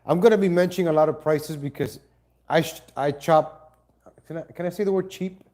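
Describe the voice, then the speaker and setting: A man hosts a relaxed live stream from his home, talking into a laptop mic. His voice sits a little high for a man, with a mellow, soft tone. He rambles, restarts his sentences and breaks off to greet viewers. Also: fairly quick. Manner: rambling, self-correcting, chats to viewers and cat. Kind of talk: casual live-stream chat.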